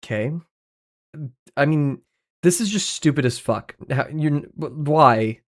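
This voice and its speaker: A man's voice: fairly high pitch, expressive, slow pace. A man streaming live, rambling through casual commentary, swearing freely, joking and laughing often.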